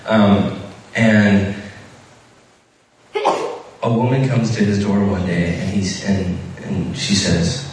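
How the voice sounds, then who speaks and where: A man's voice: low-pitched, steady tone, takes it slowly, pauses often, darkish tone, slight background noise. A man giving an informal sermon, telling a story casually with many fillers and restarts. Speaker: preacher. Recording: echoey room heard from a distance.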